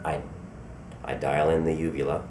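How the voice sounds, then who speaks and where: Low-voiced middle-aged guy, voice actor chatting easy and joking about himself, roomy sound. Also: normal speed. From Colorado, USA. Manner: relaxed, self-deprecating, repeats words when starting thoughts. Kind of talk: convention interview. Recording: echoey convention room with faint background noise.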